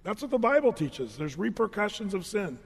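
A man pastor giving a storytelling sermon in an animated, conversational way with joking asides. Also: high-pitched, moderate pace, gravelly, breathy edge, big-room sound.

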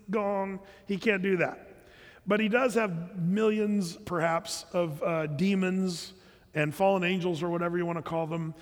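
A man's voice: high voice, big-room sound. A male pastor teaching the Bible to a group of men in an easygoing, conversational way, with frequent fillers and restarts.

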